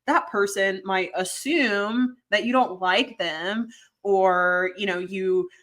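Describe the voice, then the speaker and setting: A woman's voice: mid-range voice, takes it slowly, fairly bright tone. A young woman co-hosting a podcast, chatty and casual, with lots of "like" and "um" fillers. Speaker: podcast co-host. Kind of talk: casual chat.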